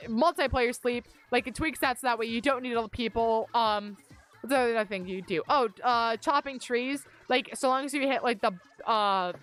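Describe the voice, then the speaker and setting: A young woman chats loosely during a gaming livestream, wandering from thought to thought and poking fun at herself. Her voice sits slightly high as she talks into a desk mic in her bedroom. Faint music plays in the background. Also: a bit bright. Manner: rambling, self-deprecating, chatty. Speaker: streamer. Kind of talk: casual gaming livestream chat. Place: upstairs bedroom at home. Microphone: desk mic on a mic arm.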